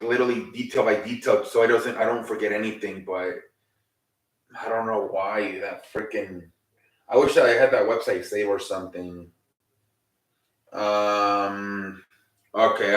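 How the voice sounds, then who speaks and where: A man's voice: fairly low pitch, roomy sound, far from the mic, poor audio. A man hosting a casual, improvised recap show. He rambles, swears and openly shows his frustration. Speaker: host.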